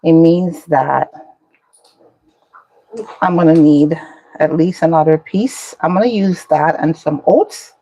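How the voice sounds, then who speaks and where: A woman hosting a casual home cooking vlog, explaining each step in an unhurried way as she cooks in her kitchen. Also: low voice, dark tone, low-quality recording. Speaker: cooking channel host.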